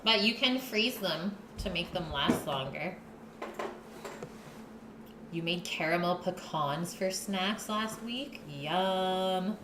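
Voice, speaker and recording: A woman's voice: fairly low pitch, lively intonation, slow pace, roomy sound, background noise. A woman hosting a live cooking stream, chatting casually with her viewers and her partner while she cooks. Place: home kitchen.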